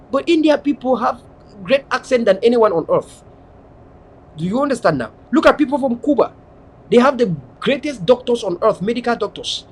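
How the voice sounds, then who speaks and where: A man with a Cameroonian English accent speaks in a high, husky voice. He lectures emphatically and says points twice for weight. It sounds like a passionate monologue aimed at his listeners. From Southern Cameroons. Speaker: political activist speaker. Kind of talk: impassioned monologue.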